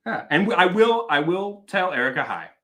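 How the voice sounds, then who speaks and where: A man's voice: high-pitched, big pitch swings, moderate pace, noisy background. A man from Wisconsin hosting a casual whiskey livestream, chatting animatedly and reading out viewer comments, with a self-deprecating streak and casual swearing. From Wisconsin, Milwaukee area. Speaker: whiskey reviewer, livestream host.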